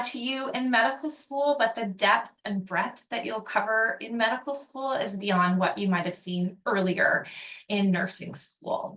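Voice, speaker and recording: A woman's voice: medium pitch, pushed and bright, reverberant. A woman hosting a live webinar Q&A as a university dean, explaining things in a friendly way with many filler ums. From not from Australia.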